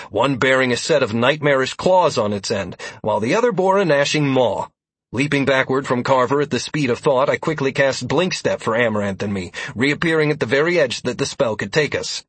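Husky male audiobook narrator. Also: mid-range voice, no room sound. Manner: steady, dramatic reading. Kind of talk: first-person fantasy audiobook narration.

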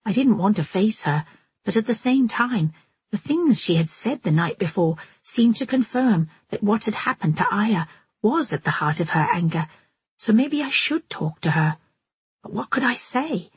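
A woman reading a first-person novel aloud as an audiobook narrator, in a measured, steady manner. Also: mid-range voice, husky, no room sound.

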